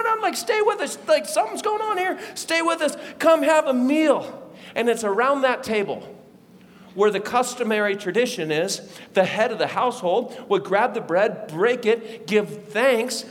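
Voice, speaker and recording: A man preaching a sermon as a pastor, telling the story in a lively way and acting out the voices of the people in it. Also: high-pitched. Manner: animated storytelling, acts out voices of disciples. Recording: long reverb of a large hall.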